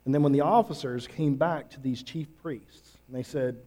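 A man's voice: mid-range voice, moderate pace, hardly any pauses, dark tone. Earnest man preaching a sermon. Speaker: pastor.

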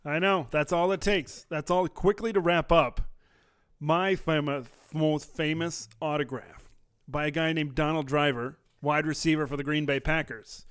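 A man co-hosting a casual podcast chat, his voice smooth and resonant and pitched a little high. He talks in short, upbeat bursts, and the sound is close and dry. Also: steady tone, a little slow, a bit bright, no room sound. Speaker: podcast co-host.

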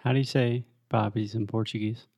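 A man co-hosting a podcast in casual chat, telling stories in a wry, deadpan way and correcting word usage. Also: fairly low pitch, a little fast, creaky, no echo, clean studio sound. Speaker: podcast co-host.

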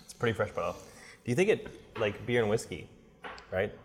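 A man in a relaxed podcast chat, speaking in a lowish register. He rambles through thoughts with plenty of fillers and casual swearing. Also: brisk, big-room sound. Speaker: podcast co-host.

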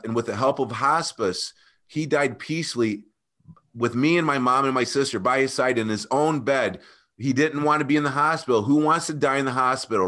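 A man guest telling an emotional personal story, earnest and animated, often calling the host by name. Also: medium pitch. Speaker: podcast guest.

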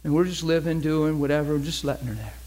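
A middle-aged man preaching a sermon, telling a story with lively quoted voices. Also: a little high, fast. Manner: animated storyteller who acts out the people he quotes.

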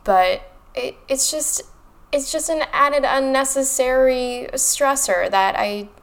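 A woman co-hosting a podcast, ranting in an animated, sarcastic way about a book. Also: sits high, slow pace. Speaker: podcast co-host. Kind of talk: casual book discussion.

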